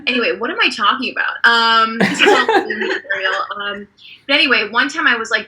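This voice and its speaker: A young woman in her twenties doing a deadpan stand-up set, hesitant and full of ums. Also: a little high, brisk, rough recording. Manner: awkward, hesitant, lots of ums. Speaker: stand-up comedian. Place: online comedy show.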